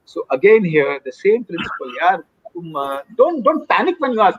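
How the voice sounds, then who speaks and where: Husky high-voiced Indian man explaining. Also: sing-song, moderate pace, muffled recording. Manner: earnest, lecturing, mixes Hindi phrases into English. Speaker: mental health expert guest. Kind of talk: explanatory expert talk in a live Q&A.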